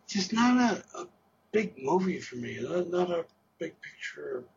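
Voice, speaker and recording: A man co-hosting a casual film review podcast, halting as he searches for words, with casual swearing. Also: high voice, big pitch swings, vocal fry, highs cut off, a crowd in the background. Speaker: podcast co-host.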